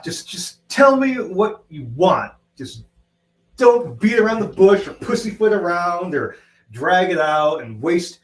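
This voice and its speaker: Blunt, exasperated man on echoey call. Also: a little high. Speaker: co-host. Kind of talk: casual livestream chat. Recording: echoey distant call audio, faint noise.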